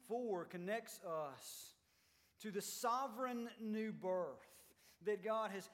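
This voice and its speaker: A man preaching a sermon as pastor, swinging between loud emphatic lines and quiet, low ones. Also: takes it slowly. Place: church sanctuary.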